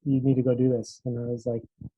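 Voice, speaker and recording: A young adult man, a tennis coach, telling a story in a casual interview and acting out the dialogue with animated switches of voice. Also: mid-range voice, fast talker, husky, highs cut off. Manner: animated, acts out quoted dialogue. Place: Los Angeles area.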